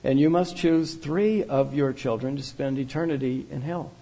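A man voicing a calm, unrelenting wise woman who speaks in a measured way, without emotion. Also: medium pitch, vocal fry, low-quality recording. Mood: stern.

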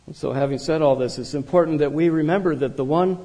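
A man's voice: a little high, fast talker, mellow, rough recording. A man, a pastor, preaching a sermon in an earnest, explanatory way. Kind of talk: sermon with reading aloud.

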